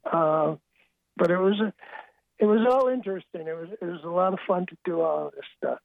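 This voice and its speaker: An older man, a sportswriter guest, telling wry anecdotes in a halting way with many restarts. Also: high voice, creaky, dry recording. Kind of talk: storytelling interview. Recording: tinny dry phone line.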